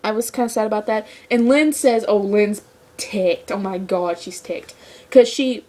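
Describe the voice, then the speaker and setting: A woman giving a casual episode review, rambling and excitable, with lots of "like" fillers. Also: medium pitch, unhurried. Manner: rambling, excitable fan talk with many "like" fillers. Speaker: show reviewer.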